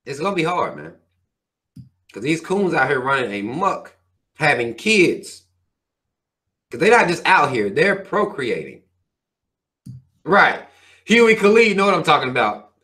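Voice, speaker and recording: A man's voice: a little high, sing-song, measured pace, pauses often, sharp tone. A man hosting his own channel, reading viewer comments and ranting in a heated, profane, preachy way. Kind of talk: casual rant to viewers.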